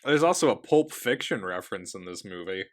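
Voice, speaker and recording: A man's voice: fairly low pitch, lively intonation, brisk, crowd noise. A man co-hosting a movie podcast in casual chat, giving short, dry, teasing replies. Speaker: podcast co-host.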